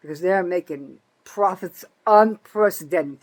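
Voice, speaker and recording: A woman's voice: on the low side, a little slow. Older woman in her 70s, fired-up solo political rant, swears a lot, hammers her points over and over. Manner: angry, profane, accusatory; emphatic, repeats herself for stress. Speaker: citizen vlogger. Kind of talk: ranting political monologue.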